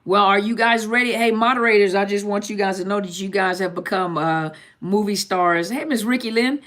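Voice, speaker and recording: A woman's voice: medium pitch, fairly quick, a bit bright. Joking woman therapist hosting a live chat. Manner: joking, repetitive, laughs often. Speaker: therapist and channel host. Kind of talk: casual live-stream chat.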